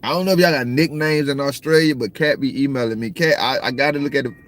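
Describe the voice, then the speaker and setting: A man from the States, rambling through a casual livestream chat, slangy and cursing freely while he shouts out viewers. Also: mid-range voice, fast. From Southern United States. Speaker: livestream host. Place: in a car at times.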